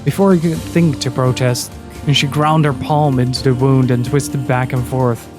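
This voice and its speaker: A man reading a story aloud in a steady, measured narration. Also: mid-range voice, over music.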